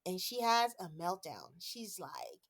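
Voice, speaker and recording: A woman's voice: on the low side, a little slow. A woman hosting a casual podcast, talking through episode recaps in a chatty way. She slips into quoted voices for the people she describes and laughs easily along the way. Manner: chatty, animated when quoting people, laughs often. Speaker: podcast host.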